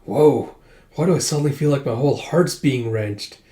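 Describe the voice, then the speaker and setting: A man voicing a gentle, teasing young man in a soft, easy tone. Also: medium pitch, moderate pace, natural voice. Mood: tender. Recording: roomy echo.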